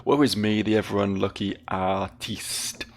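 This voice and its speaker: A mournful fallen singer, a theatrical woman from a wandering caravan, read by a British man. The read is low and gravelly, dramatic without a real put-on voice. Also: steady tone, measured pace.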